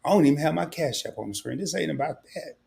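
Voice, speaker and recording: A man's voice: a little high, lively intonation, fast talker, creaky, darkish tone. An older man hosting a livestream, talking candidly and a bit rambling, with emotion coming through. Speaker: livestream host. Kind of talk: casual livestream talk.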